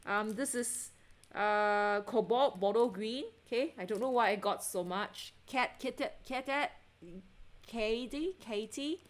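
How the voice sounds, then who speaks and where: Woman livestream host, casual chatter, easily excited, laughs often, talks to her audience. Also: fairly high pitch, unhurried. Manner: chatty and excitable, lots of self-interruptions and giggles; asks viewers to check things, answers chat.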